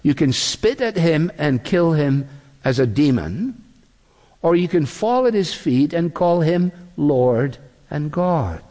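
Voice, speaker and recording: A man preaching a sermon in a measured, deliberate way, acting out the quotes he reads. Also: on the high side, very animated, warm tone. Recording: long reverb of a large hall.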